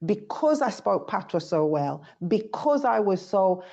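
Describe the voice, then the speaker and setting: A woman's voice: mid-range voice, sing-song, a little slow, vocal fry, dark tone. A woman from the United Kingdom, a guest sharing reflective stories in casual chat. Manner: reflective, storytelling. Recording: dull lo-fi audio.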